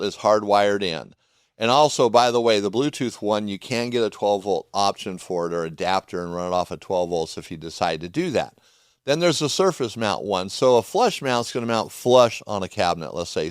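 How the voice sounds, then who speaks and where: Low-voiced guy rambling folksy about rv gear, dry close mic. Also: no room sound. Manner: folksy, chatty, rambling with restarts. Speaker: podcast host. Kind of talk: casual product talk.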